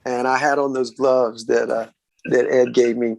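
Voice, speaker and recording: A man with a Southern US accent, a guest musician, telling road stories in a relaxed, casual way and often saying "man". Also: medium pitch, moderate pace, vocal fry, dry recording. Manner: relaxed, says "man" a lot, acts out quoted voices. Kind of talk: casual storytelling interview.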